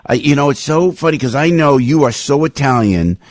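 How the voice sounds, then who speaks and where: Excitable New Jersey radio host. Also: male voice, fairly quick, no echo, studio quality. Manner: animated, excitable, jokey pitchman. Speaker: radio talk show host. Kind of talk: casual radio chat and live ad read. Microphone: studio broadcast mic.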